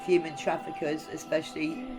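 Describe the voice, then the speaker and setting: A woman's voice: sits low, level tone, normal speed, over music. A woman from Western Australia giving a rambling scripture reading and commentary as a Bible teacher, digressing often and chatting with lots of ums.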